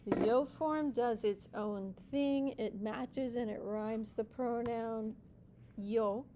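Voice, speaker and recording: A woman's voice: fairly high pitch, takes it slowly, warm tone, a little hiss or hum. A woman teaching a Spanish class, explaining step by step, checking in with students and mixing in Spanish praise and playful nicknames.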